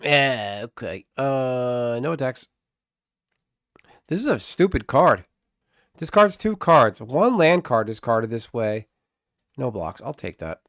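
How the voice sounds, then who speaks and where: A man in the middle of live gameplay commentary, muttering and trading insults with an unseen opponent. His voice sits at a mid pitch and sounds close and dry, with no room around it. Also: very animated, takes it slowly, pauses often, fairly bright tone, no room sound. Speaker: streamer.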